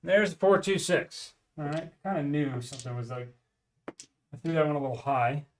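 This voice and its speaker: A man's voice: on the high side, fairly even intonation, normal speed, recorded from a distance, background noise. A man casually chatting on a live stream at home while practicing craps, calling out rolls and bets.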